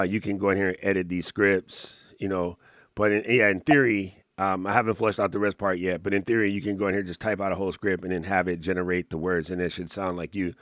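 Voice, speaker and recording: Excitable man giving a casual tech tutorial. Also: low-pitched, no echo, clean studio sound. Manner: excitable, laughs often, casual slang. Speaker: tech streamer.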